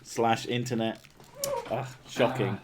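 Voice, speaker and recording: A man's voice: medium pitch, steady tone, slow pace, background noise. A man with a southern English accent from the Home Counties, hosting a casual livestream chat, loose, joking and full of swearing. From Home Counties, England. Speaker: streamer host.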